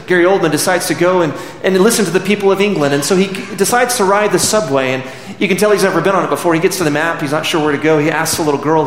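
A man preaching a sermon, earnestly retelling a film scene as a story. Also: on the high side. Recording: echoey hall with faint background noise.

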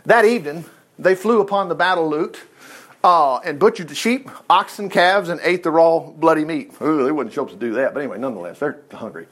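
Male Bible teacher, high voice, animated reading with digressive commentary. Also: fairly quick.

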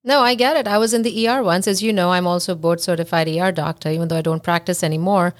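A woman's voice: lowish voice, fairly even intonation, quick pace. A woman who hosts a podcast and is a physician, talking frankly and emphatically in a casual conversation.

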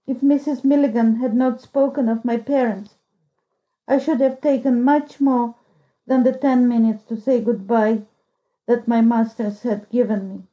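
A woman narrating a story as an audiobook reader, in a slow, measured storytelling manner, on a dull lo-fi recording. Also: fairly high pitch, steady tone. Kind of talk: scripted narration.

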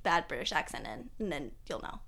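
A young adult woman co-hosting a casual pop culture podcast, talking in a chatty, animated way with lots of fillers. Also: low-pitched, a little fast, creaky. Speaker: podcast co-host.

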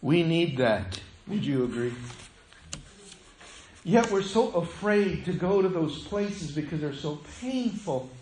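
A high-voiced man preaches a sermon, his delivery animated and shifting between loud passages and hushed ones. The sound is echoey, like a church sanctuary, with a faint hiss underneath. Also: slow. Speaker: pastor. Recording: echoey room, faint noise.

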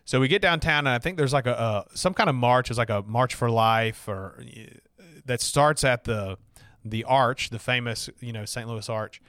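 A man's voice: medium pitch, fairly bright tone, no room sound, clean studio sound. A middle-aged man from Alabama with a Southern accent, casually telling a personal story, chatty and full of fillers and restarts.

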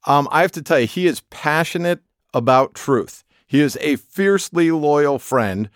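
A man's voice: on the high side, lively intonation, normal speed, dry recording, clean studio sound. A middle-aged man co-hosting a podcast, friendly and laughing easily. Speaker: podcast co-host. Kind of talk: casual chat.

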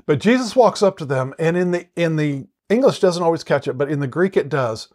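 A man's voice: a little high, animated, fairly quick, a little mellow. A man gives a conversational Bible teaching in a slightly raised voice. He is earnest and explanatory, often circling back and repeating words as he works through a point.

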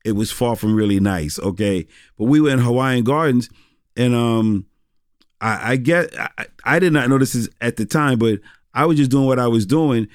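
Middle-aged pastor, rambling and dry. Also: male voice, mid-range voice, normal speed, dry recording. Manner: rambling, many restarts and fillers. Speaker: pastor and former rapper. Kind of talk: casual interview storytelling.

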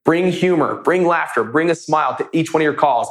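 A man's voice: a little high, lively intonation, a little fast. Upbeat man coaching in an echoey room. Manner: upbeat, casual, enthusiastic. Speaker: real estate wholesaling coach. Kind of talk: storytelling teaching talk.

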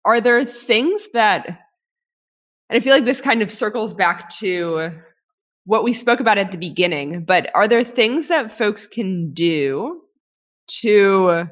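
A woman's voice: medium pitch, animated, takes it slowly. A woman hosting a podcast interview, reflecting aloud and building her questions as she goes. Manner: reflective, thinking aloud, frequent restarts. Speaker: podcast host. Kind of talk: casual interview chat.

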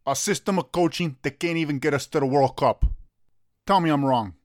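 A man's voice: fairly high pitch, brisk, no echo, studio quality. A man in a comedy sketch talking bluntly and teasingly to a friend, swearing freely in street-tough slang. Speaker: friend of the coach.

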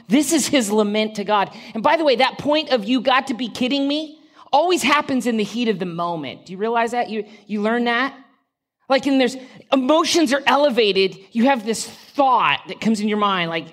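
A woman's voice: medium pitch, lively intonation, normal speed. A woman preaching a sermon to a congregation in a church. She talks in a conversational way, with direct questions to the listeners and dry humorous asides.

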